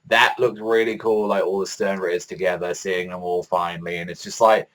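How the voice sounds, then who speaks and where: A man's voice: low voice, fairly quick. A man giving a casual, rambling review of a manga chapter, swearing often and filling his talk with "like". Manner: rambling, profane, heavy use of "like"; excitable fan enthusiasm.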